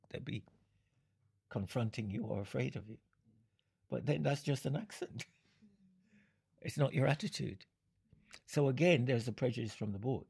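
An older man answering audience questions, explaining his points in an unhurried, halting way and chuckling between them. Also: mid-range voice, creaky, darkish tone, breathy edge. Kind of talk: Q and A talk.

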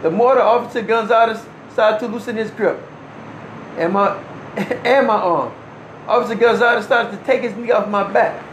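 High-voiced man telling his story. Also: moderate pace, slight background noise. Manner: earnest, emphatic, with short restarts and wry laughs. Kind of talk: personal first-person storytelling. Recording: roomy echo.

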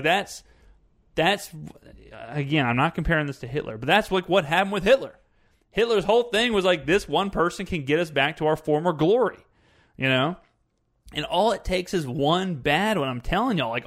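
Exasperated young man ranting casually. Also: on the high side. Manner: animated, exasperated, rhetorical questions. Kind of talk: casual political rant.

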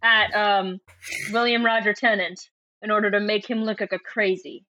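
A woman's voice: mid-range voice, fairly even intonation, moderate pace, sharp tone, dry recording. A woman co-hosting a podcast, chatting casually and laughing as she reads book passages aloud, heard over a lo-fi remote line. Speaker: podcast co-host. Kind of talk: casual book-club chat. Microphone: remote call microphone. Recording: muffled lo-fi remote line, dry.

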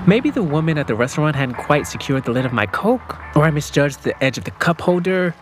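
A man's voice: on the high side, big pitch swings, a little fast, music in the background. A young man narrating his own story in an audio drama, reflective and subdued. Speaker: narrator and lead character.

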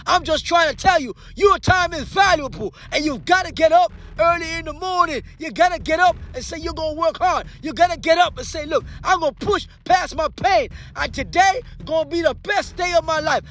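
A man with a strikingly high voice delivers a motivational speech. He preaches with fervor, repeating rallying lines and swinging from shouting to a hushed, low murmur. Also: a little fast, few pauses. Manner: repetitive rallying phrases. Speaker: motivational speaker.

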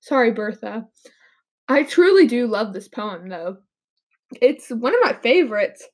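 High-voiced young woman explaining a poem. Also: very animated, a little slow, a little mellow. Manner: earnest, explanatory, with casual fillers. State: a little sick, coughing. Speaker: podcast guest. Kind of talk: mock podcast poetry analysis.

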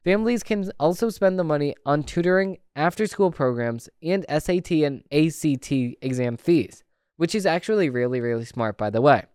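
A man with a somewhat high, resonant voice reads political news aloud on his podcast. He trips over a word here and there and breaks off into casual, opinionated commentary. The sound is dry, with no room echo. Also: animated, moderate pace, a little mellow, clean tone. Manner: opinionated, conversational asides between read passages; stumbles and restarts words when reading. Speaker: podcast host.

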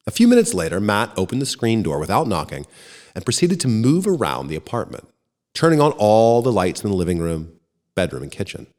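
A man reads a first-person short story aloud with an expressive storytelling manner. His voice is fairly low but swings widely in pitch. The recording carries a long, hall-like reverb. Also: fairly quick. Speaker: narrator.

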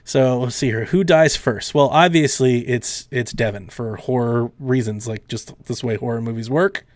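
A man's voice: mid-range voice, no echo, studio quality. Rambling man hosting a chatty podcast. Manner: rambling, acts out friends in quick voices. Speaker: podcast host. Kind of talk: casual podcast chat.

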